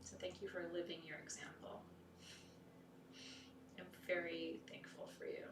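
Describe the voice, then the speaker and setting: Woman ritual leader, lowish voice, soft and heartfelt, recorded from a distance in an echoey room. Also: flat delivery, unhurried. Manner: soft, heartfelt, intimate, often dropping to a whisper. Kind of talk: leading an online pagan ritual. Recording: echoey room, distant mic, faint noise.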